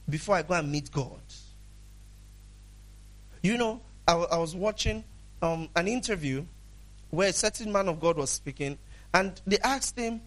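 High-voiced male pastor preaching conversationally. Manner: conversational preaching, acts out dialogues, laughs often. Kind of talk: sermon.

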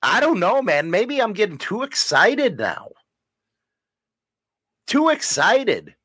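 A man's voice: high voice, wildly swooping pitch, slow, a bit bright, husky, dry recording. A man co-hosting a casual podcast with his wife, ranting and teasing with plenty of profanity. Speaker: podcast co-host. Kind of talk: casual banter.

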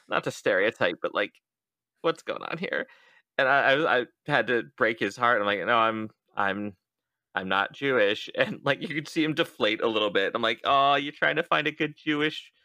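Animated storytelling man, bright voice. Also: mid-range voice, moderate pace, no echo. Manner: animated storyteller, acts out quotes. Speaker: podcast host. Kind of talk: casual chat.

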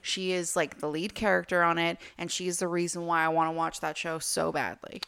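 A young woman co-hosts a casual podcast in a low, slightly gravelly voice. Her tone is smooth and clear, and she talks enthusiastically, filling her sentences with ums and likes. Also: level tone, brisk, a bit bright. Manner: chatty, filler-heavy, enthusiastic. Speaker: podcast co-host. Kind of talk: casual chat.

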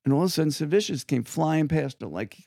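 An older man from Long Island, a guest musician telling rambling, animated stories with frequent asides in an interview. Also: a little high, quick pace, creaky, dry recording, clean studio sound. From Long Island, New York. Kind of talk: anecdotal storytelling in an interview.

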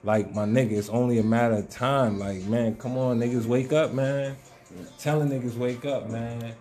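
Laid-back man with a mellow voice. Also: mid-range voice, fairly even intonation, moderate pace. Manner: loose, profane street talk with many fillers. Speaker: podcast host. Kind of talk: casual podcast chat.

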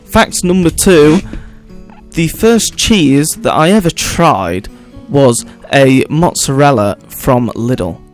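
A man's voice: fairly high pitch, takes it slowly, soft background music. A man co-hosting a casual radio chat show, playful, stumbling and repeating words as he goes. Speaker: co-host of a student radio show. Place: radio studio. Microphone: studio microphone.

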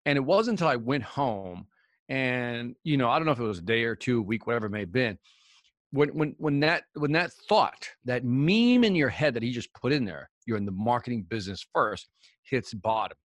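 A mid-range male voice moves briskly in a dry recording. As a guest in a storytelling interview, he casually recounts anecdotes and brings them to life by acting out what each person said.

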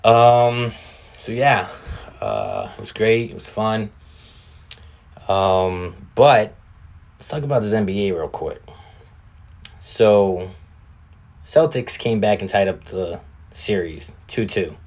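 A man with a fairly low voice talks in a loose, rambling way on his own podcast. He curses freely and keeps things casual. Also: lively intonation, slow, vocal fry, pauses often, darkish tone. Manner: rambling, profane, laid-back. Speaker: podcast host. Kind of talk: casual solo chat.

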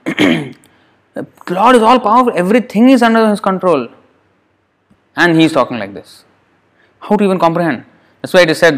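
A man reading a scripture passage aloud and then explaining it in a lecture, with emphatic rhetorical questions, chuckles and many "you know" fillers. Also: on the high side. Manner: frequent fillers and restarts, emphatic. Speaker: scripture teacher. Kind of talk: scripture reading with sermon commentary.

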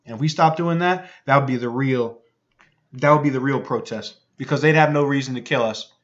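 A man's voice: mid-range voice, brisk. A man reading news reports aloud and commenting on them. He repeats phrases for emphasis and keeps checking in with the listener. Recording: dull lo-fi recording.

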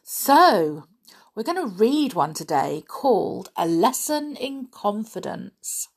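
A woman's voice: mid-range voice, sing-song, slow pace, a little mellow, breathy edge. A woman chatting playfully to listeners before reading a children's story aloud as a parent. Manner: playful, chatty, laughs often. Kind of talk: casual chat and storybook reading.

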